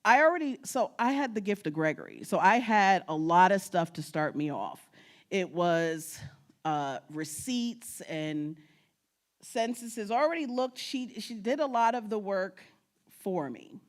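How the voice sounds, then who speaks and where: Her mid-range voice has lively intonation and an unhurried pace. Invited to speak on genealogy research, this woman from New York keeps it funny, telling stories, laughing frequently, and speaking straight to her listeners.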